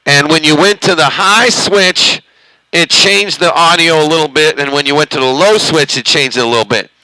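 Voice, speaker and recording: Bright and forceful, with a pitch on the high side, a man talks at a moderate pace in a dry recording of poor quality. As host of a CB channel, he chats casually from his bedroom over a CB radio mic, rambling in a folksy style thick with hesitant fillers.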